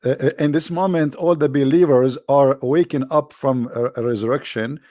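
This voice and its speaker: A man's voice: medium pitch, fairly even intonation, moderate pace, warm tone, no room sound, clean studio sound. A man with an Arabic accent hosting his channel, giving sarcastic, mocking commentary with rambling asides. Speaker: channel host. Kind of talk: mocking religious commentary stream.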